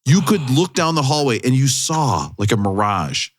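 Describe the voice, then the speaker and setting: A man's voice: mid-range voice, very animated, normal speed, noisy background. A middle-aged man, co-hosting a podcast and telling a story with exaggerated asides. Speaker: podcast co-host. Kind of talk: casual storytelling chat.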